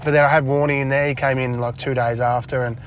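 Brief: Australian man, medium pitch, chatty storyteller, laughs a lot, faint car noise behind. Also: flat delivery, fast talker. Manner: chatty, laughs often, acts out dialogue in a raised voice. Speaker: interview guest, retired footballer. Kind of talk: casual storytelling interview. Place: inside a parked car.

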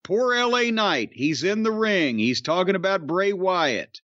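A man's voice: sits high, sing-song, unhurried, a bit bright, dry recording, lo-fi sound. A man hosting a podcast, ranting bluntly and profanely about wrestling with an exasperated manner. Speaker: podcast host.

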